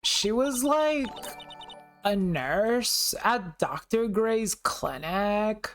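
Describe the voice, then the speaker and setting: A woman's voice: mid-range voice, expressive, drawn-out words, faint music behind. A woman reading the lines of a nervous young woman witness, stammering and hesitant.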